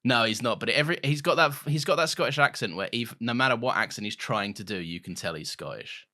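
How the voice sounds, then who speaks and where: A man co-hosting a casual film-review podcast, jokey and animated, swearing freely. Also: medium pitch, fast. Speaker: podcast co-host.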